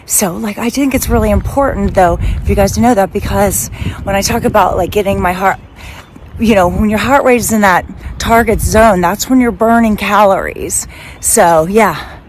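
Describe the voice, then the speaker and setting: A woman in her fifties talks casually into her phone as a fitness vlogger, upbeat and rambling from one aside to the next. Her voice sits at an ordinary middle pitch. Steady background noise with passing vehicles runs under her talk. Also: normal speed, low-quality recording. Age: 50s. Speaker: personal trainer and bodybuilder vlogger. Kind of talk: casual vlog chat to camera.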